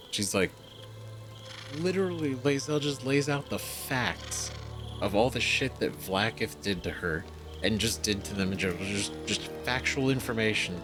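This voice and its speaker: A man's voice: on the low side, lively intonation, moderate pace. A man giving rambling, emphatic, casual commentary on a game he is playing. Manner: rambling, emphatic, swearing, restarts. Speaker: let's-play host. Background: game music.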